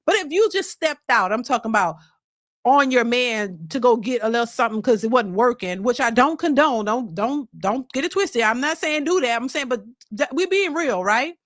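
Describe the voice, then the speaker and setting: She's the host here, reacting casually with emphatic, profane rants full of stumbles and repeated words. Expressive and moderately paced, her voice is high and bright, captured in a dry, close recording.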